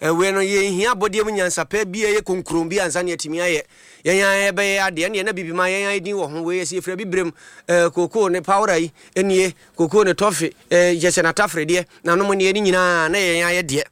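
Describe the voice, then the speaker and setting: Male news reporter, high bright voice, fast brisk read, dry studio sound. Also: fairly even intonation, clear, resonant tone, no echo. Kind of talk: news voice-over.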